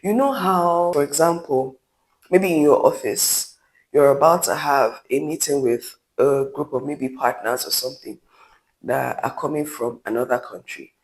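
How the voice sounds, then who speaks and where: A Nigerian man talks straight to camera in an opinion vlog. His voice sits a little high for a man. He is blunt and emphatic and keeps wandering into side remarks. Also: moderate pace, poor audio. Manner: candid, emphatic, with rambling asides. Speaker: vlogger.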